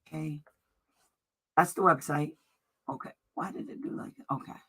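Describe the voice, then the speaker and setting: A woman's voice: low voice, normal speed, fairly bright tone, slightly rough. A woman advocate giving an informal lesson, emphatic and direct, reading letter passages aloud and checking in with "okay?". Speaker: special education advocate. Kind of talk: informal teaching presentation.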